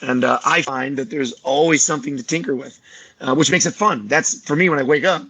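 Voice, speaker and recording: A man's voice: medium pitch, fairly quick, slightly rough, no echo. A man on a podcast, talking casually and animatedly, acting out the people in his stories. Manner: animated storyteller, acts out quoted voices. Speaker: martial arts teacher guest.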